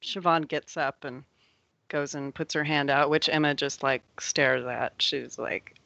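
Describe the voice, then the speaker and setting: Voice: mid-range voice, fairly even intonation, measured pace, gravelly, pushed and bright, dry recording. A game master narrating a tabletop game in a casual, easy-laughing way. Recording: dry lo-fi audio.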